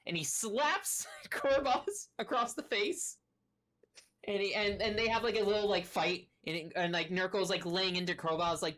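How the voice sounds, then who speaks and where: A woman's voice: on the low side, fairly even intonation, normal speed, a bit bright. Rambling woman game master. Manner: rambling, full of "like" and "kinda". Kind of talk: narrating a tabletop game.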